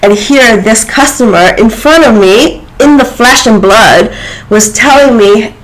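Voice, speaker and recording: Earnest woman musing about slowing down. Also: a little high, expressive, poor audio. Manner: earnest, reflective, many fillers and restarts. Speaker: vlogger. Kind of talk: casual spiritual talk to camera.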